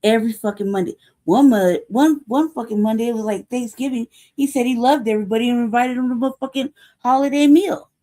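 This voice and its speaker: Profane, heated woman with a dark voice. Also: a little high, quick pace. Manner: rhetorical questions, repeats herself. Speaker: news show host. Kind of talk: casual livestream commentary.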